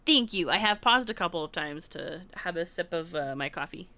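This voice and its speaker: A woman livestreamer telling a story in casual chat with her viewers, excitable and laughing often. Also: a little high, normal speed, hardly any pauses, clean tone. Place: room at home, alone.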